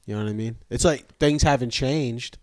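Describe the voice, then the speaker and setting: A man's voice: medium pitch, moderate pace, a little mellow, no echo. A man who is a guest on a podcast, talking bluntly, joking and swearing casually.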